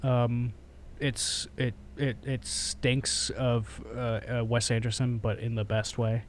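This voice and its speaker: A man co-hosting a podcast in casual chat, excitable and swearing as he runs down a ranked list. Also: mid-range voice, slow pace, a little hiss or hum. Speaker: podcast co-host.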